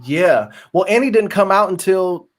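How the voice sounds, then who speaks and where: A man's voice: high-pitched, lively intonation, moderate pace. A man co-hosting a podcast in casual chat, effusive and full of fillers and restarts. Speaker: podcast co-host.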